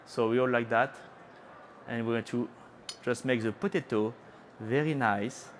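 On a trade-show stage, a middle-aged chef from France gives a live cooking demonstration, playfully teasing the crowd and sprinkling in French words. His French-accented voice sits at medium pitch and is unhurried and chatty. There's slight background noise.

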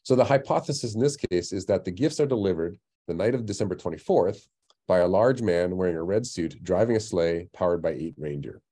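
Middle-aged guy giving a webinar science talk, low mellow voice, lots of uh's. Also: animated, fairly quick, breathy edge. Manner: conversational, with frequent "uh" fillers and restarts. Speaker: astronomy lecturer. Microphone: computer mic on a webinar call.

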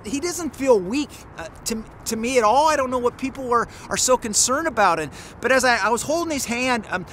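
A middle-aged man, a pastor, recounts a personal story during a sermon. His voice sits unusually high for a man, and he speaks earnestly, often restarting and repeating words as he goes. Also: a bit bright, a little hiss or hum.

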